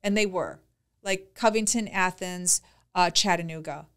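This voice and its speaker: A woman's voice: on the low side, unhurried, clear, resonant tone. A woman co-hosting a podcast, chatting casually and retelling conversations with lots of "like" and quoted dialogue. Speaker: podcast co-host. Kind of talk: casual chat, storytelling.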